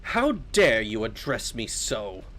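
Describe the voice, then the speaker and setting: A man voicing a stern, pompous old male priest from a video game, speaking slowly and loftily. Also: fairly low pitch, very animated, a bit bright, pitched below the performer's own voice, exaggerated voice. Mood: solemn. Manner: slow, solemn and lofty.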